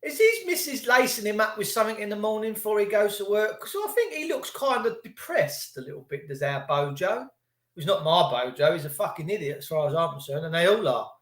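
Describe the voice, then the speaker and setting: A man's voice: high voice, big pitch swings, brisk, a bit bright, echoey room. A man ranting on a livestream, swearing and mocking people in put-on voices. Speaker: livestream ranter. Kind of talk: angry livestream rant.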